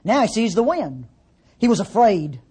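Husky-voiced woman preaching conversationally. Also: medium pitch, big pitch swings, moderate pace, warm tone. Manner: conversational, teasing, full of rhetorical questions. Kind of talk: sermon.

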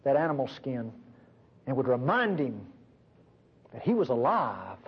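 A man preaching a sermon fervently, swinging between loud emphasis and hushed low passages. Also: big pitch swings, unhurried, slightly rough. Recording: dull lo-fi recording.

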